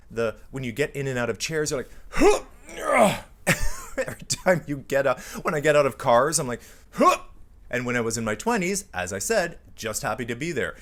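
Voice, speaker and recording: A man in his forties hosting a vlog, joking to camera in a campy, animated way, acting out little scenes. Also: medium pitch. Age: 40s. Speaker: vlog host. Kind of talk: comedic monologue to camera.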